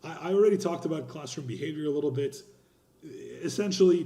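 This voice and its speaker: Young man, college instructor, casual rambling lecture, blunt slang, warm low-key tone, roomy echo. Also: lively intonation, brisk, gravelly. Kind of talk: recorded online class lecture.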